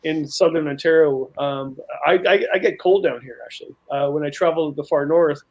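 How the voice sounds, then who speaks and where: A man's voice: fairly high pitch, brisk, muffled recording. A man telling long, rambling outdoor stories in a casual panel chat, with frequent restarts. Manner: rambling storyteller, many restarts.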